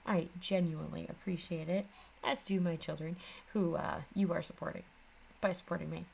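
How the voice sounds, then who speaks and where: A woman's voice: on the low side, steady tone, moderate pace, creaky, darkish tone, husky. A woman in her thirties with a Midwestern American accent, hosting a casual crafting vlog and rambling chattily with lots of ums. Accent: Upper Midwest American. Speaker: craft channel host.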